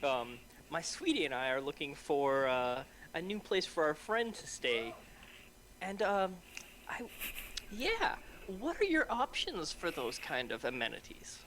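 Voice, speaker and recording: A man playing his character at a tabletop game, smooth-talking and playful with hesitant fillers. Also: a little high, very animated, measured pace, fairly bright tone, a little hiss or hum, poor audio. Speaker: player. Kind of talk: in-character tabletop role-play.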